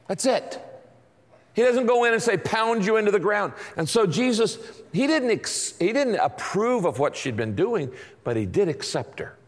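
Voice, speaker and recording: A man preaching to his congregation, his somewhat high voice carrying a long reverb through a big church hall. He tells stories in an animated way and slips into acted-out quotes. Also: normal speed. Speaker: pastor. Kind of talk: sermon.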